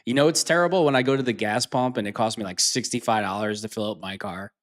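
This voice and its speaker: A man's voice: on the low side, fast talker, hardly any pauses, a bit bright. Male podcast host reacting to clips, sarcastic and mocking. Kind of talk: reaction commentary.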